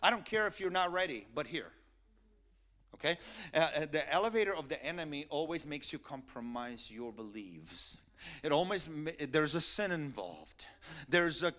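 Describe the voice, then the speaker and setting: A male pastor preaching a sermon, swinging from quiet asides to loud, emphatic peaks. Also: on the high side.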